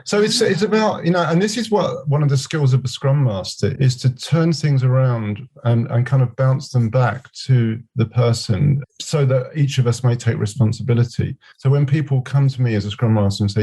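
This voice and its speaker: A man's voice: medium pitch, fairly quick, dark tone. A middle-aged man, a guest on a podcast, speaking reflectively and telling anecdotes with quoted back-and-forth. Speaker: podcast guest, scrum master. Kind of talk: conversational interview.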